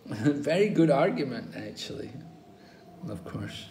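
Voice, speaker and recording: An older man teaching a scripture class, telling stories slowly and acting out the quoted dialogue. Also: mid-range voice. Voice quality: slow, animated storytelling, acting out quoted dialogue. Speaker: spiritual teacher. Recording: roomy echo, faint ambient noise.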